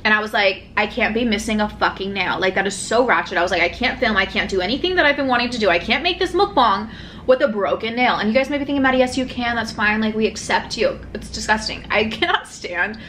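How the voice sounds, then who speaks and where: Bright, chatty woman vlogger. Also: medium pitch, quick pace, slight background noise. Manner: chatty, animated, heavy swearing, lots of fillers. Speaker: mukbang vlogger. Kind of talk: casual storytelling vlog. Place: hotel room.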